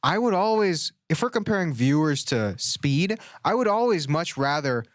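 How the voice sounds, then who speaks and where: A man co-hosting a comedy podcast, reacting in a quick, incredulous way. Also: fairly high pitch, very animated, no room sound, studio quality. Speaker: podcast co-host.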